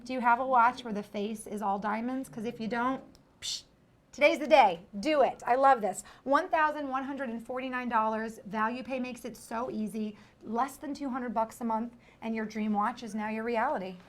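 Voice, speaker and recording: A woman's voice: on the high side, fairly even intonation, moderate pace, hardly any pauses. A woman hosting a live home shopping show, selling with a bubbly, playful patter. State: winded. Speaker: shopping channel host. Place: television studio.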